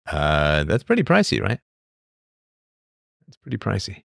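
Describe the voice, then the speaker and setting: A man's voice: sits low, huge pitch swings, measured pace, creaky, no echo, clean studio sound. A man hosting a show, talking casually in a rambling monologue and answering the chat. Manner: rambling, with acted voices and asides.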